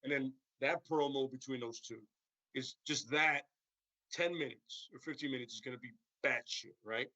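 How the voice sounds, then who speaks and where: A man's voice: mid-range voice, moderate pace, bright, forceful tone, no room sound, muffled recording. A man hosting a stream, rambling casually about wrestling storylines and tagging sentences with "right?" and "you know what I'm saying?". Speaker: stream host.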